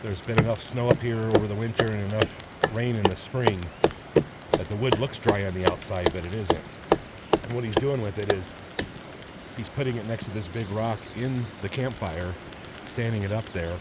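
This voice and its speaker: Walking through mountain woods on a wilderness backpacking trip, a middle-aged man narrates a casual vlog in a folksy, chatty way. His voice is fairly low and moderately paced, he's a little out of breath, and the recording is very noisy.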